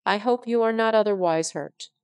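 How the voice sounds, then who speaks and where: A woman's voice: medium pitch, moderate pace, darkish tone, smooth, no room sound, natural voice. A synthetic-voiced woman reading the part of an awkward young man who stammers and turns teasing. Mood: hesitant. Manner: stammering, then carelessly teasing.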